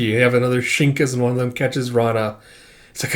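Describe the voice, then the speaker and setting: Animated man acting out a comic. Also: medium pitch, fairly quick. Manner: animated, shouts character lines, swears casually. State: dry throat from shouting. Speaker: comic book reader and recapper. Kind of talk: casual comic recap with acted-out dialogue.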